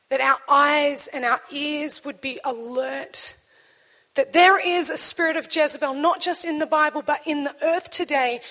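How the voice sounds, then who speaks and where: A woman preaching a sermon to a church, swinging between loud declarations and hushed, slow lines. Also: high-pitched, big-room sound.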